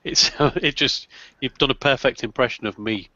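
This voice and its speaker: A man's voice: medium pitch, moderate pace, sharp tone, dry recording, muffled recording. A man hosting casual online banter with other bikers, laughing often and joking.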